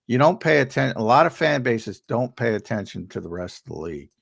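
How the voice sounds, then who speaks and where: American co-host breaking down football, gravelly voice, lively swings, emphatic. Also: male voice, mid-range voice, a little fast. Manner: animated, emphatic, gives advice with repeated restarts. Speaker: co-host analyst. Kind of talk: sports analysis chat.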